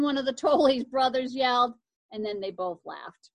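A woman reading a children's chapter book aloud, expressive and lively, stumbling and correcting herself now and then. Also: on the high side, normal speed, no echo.

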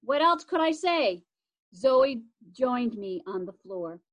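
A woman with a high, light voice reads a children's chapter book aloud. She takes her time, unhurried and expressive. The telling has the easy pace of a bedtime story. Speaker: reader.

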